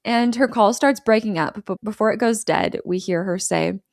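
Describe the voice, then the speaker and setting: A woman's voice: mid-range voice, moderate pace, vocal fry, no echo, studio quality. Woman casually recapping a film plot. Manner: acts out quoted lines, laughs often. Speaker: podcast host recapping a film.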